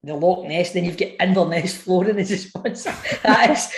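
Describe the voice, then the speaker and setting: A man's voice: sits high, moderate pace. A man co-hosting a football podcast, chatting casually with lots of swearing and laughter. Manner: animated, swears often, laughs a lot. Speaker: podcast co-host. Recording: echoey room with faint noise.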